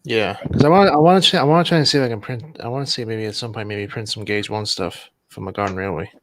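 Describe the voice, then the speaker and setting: Upbeat jokey male host, mid pitch, dry close recording. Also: dry recording. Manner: jokey, upbeat and quick to laugh. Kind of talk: casual live-stream chat.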